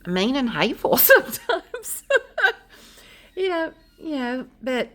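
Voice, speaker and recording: A middle-aged woman, chatting casually to her vlog viewers in a loud, brash way, rambling with many fillers and frequent laughs. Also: high voice, big pitch swings, slow pace. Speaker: vlogger.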